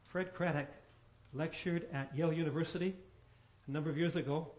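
A man's voice: on the high side, steady tone, a little fast. Preacher man in a roomy, dull-sounding hall. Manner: storytelling preacher, swinging between soft and emphatic. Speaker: pastor. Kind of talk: sermon.

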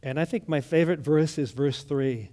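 A man preaching a sermon in a church, telling a story and shifting into loud, dramatic quoted lines. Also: fairly high pitch, normal speed.

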